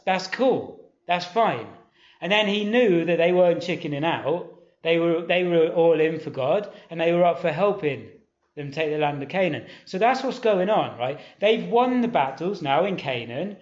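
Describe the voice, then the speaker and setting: A man's voice: a little high, lively intonation, moderate pace. A man preaching a sermon. He talks in a casual, conversational way, asks the listeners questions, reads scripture aloud and presses his points with urgency. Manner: urgent exhortation. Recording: echoey hall, dull lo-fi sound.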